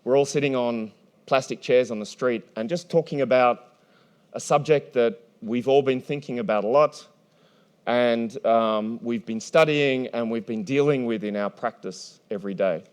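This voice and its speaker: Man, panel moderator, lively and playful, stumbles and restarts, big conference hall, mid-pitched voice. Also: moderate pace, clean tone. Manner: energetic, playful, with frequent restarts.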